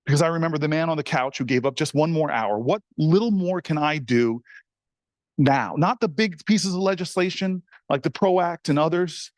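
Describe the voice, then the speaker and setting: A middle-aged man, a senator, telling an animated, folksy story straight to the crowd in a speech. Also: fairly high pitch, normal speed, no echo.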